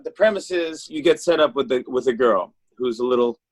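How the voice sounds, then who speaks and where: A middle-aged man hosting a talk show, chatting casually with a guest over a video call, upbeat and quick to laugh. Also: medium pitch, no room sound. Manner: laughs easily, upbeat and enthusiastic. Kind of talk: casual interview chat.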